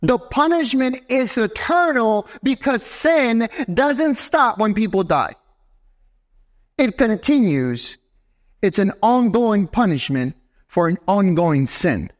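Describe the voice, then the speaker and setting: In a church sanctuary, a pastor with a high male voice delivers a slow, animated sermon. He speaks directly to the congregation, often tossing in "right?"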